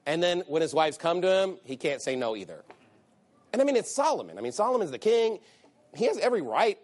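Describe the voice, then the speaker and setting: A pastor delivering a sermon in a somewhat high male voice. He hammers his points with emphatic repetition and reads old-style scripture aloud between them. His pitch climbs as he presses a point. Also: very animated, brisk, darkish tone. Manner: emphatic, repeats phrases for stress; reads scripture aloud in King James wording.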